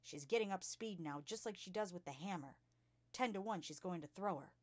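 A woman voicing a blunt older schoolgirl who speaks low and hushed. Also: expressive, a little fast. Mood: knowing hush.

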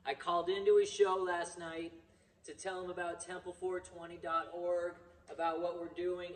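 A man's voice: on the high side, slight background noise. A man from California hosting a casual, rambling Bible teaching session and swearing freely. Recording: echoey room, mic far off.

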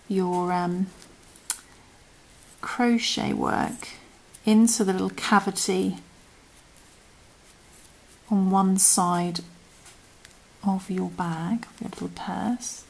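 Her voice is gravelly and medium-pitched, slow, with long pauses: a British woman hosting a crochet tutorial. She talks casually through each step and often trails into murmurs and whispers as she works.

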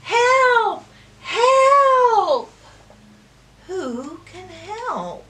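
A woman shouting as a panicky stuck duck. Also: sing-song, drawn-out words, far from the mic, heavily acted. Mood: desperate. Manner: shrill shouted cries for help. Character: small male duck stuck in mud, panicky.

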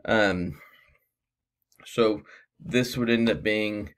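Man, sixth grade math teacher, slightly low voice, casual rambling lesson. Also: fairly even intonation, drawn-out words, a bit bright, clear, resonant tone. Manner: rambling, self-deprecating, filler-heavy.

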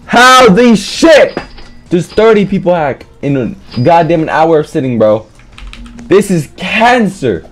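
Excitable swearing gamer guy. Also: on the high side, measured pace, faint music behind. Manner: excitable, swearing, trash-talking. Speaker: gaming streamer. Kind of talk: live gameplay commentary.

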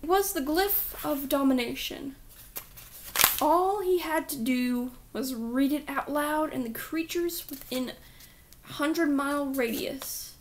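A woman reading a children's book aloud with dramatic storytelling that dips into whispers. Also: sits high.

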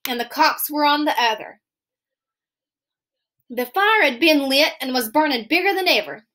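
A woman reading a children's novel aloud in steady storytelling narration. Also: high voice. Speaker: reader.

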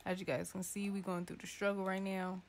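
A woman's voice: little pitch movement, fairly quick. A woman gives playful, chatty let's-play commentary from a home setup, now and then voicing her characters' thoughts. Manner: chatty, playful, voices the sims' thoughts in a squeaky tone. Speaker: gaming YouTuber.

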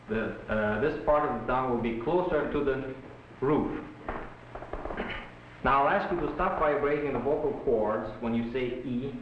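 A man's voice: mid-range voice, a little hiss or hum. Old-film male professor, patient and instructive, classroom lecture, echoey room, dull muffled sound. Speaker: language professor.

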